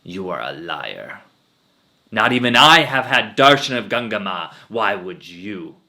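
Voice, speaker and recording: A man playing an arrogant, proud male village guru who issues booming, haughty commands in a spoken story. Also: expressive, takes it slowly, bright, forceful tone. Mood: haughty, angry.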